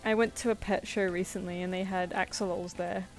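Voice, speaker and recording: A woman's voice: lowish voice, fairly even intonation, fairly quick, soft background music. A young woman chatting casually on a drawing stream, telling anecdotes with frequent laughs and acted-out quotes. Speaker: artist streaming live commissions.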